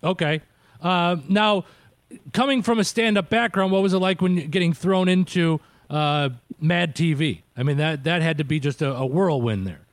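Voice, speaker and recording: A man's voice: a little high, moderate pace, no echo. A man in his thirties hosting a casual radio interview, chatty, laughing easily and dropping lots of filler words. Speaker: radio host.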